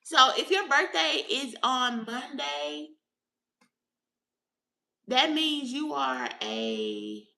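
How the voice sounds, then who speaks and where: A woman's voice: high-pitched, big pitch swings, very slow, gravelly, long pauses, pushed and bright, echoey room, distant mic. A woman in her thirties from Alabama with a Southern accent and a youthful-sounding voice, rambling through casual stories to her viewers. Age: 30s. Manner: chatty, rambling storytelling. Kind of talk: casual vlog chat.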